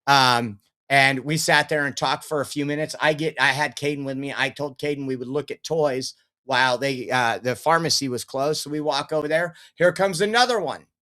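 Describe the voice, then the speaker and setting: A man's voice: mid-range voice, normal speed, hardly any pauses, bright, forceful tone. A man hosting a political commentary show, telling rambling anecdotes in a casual, chatty way.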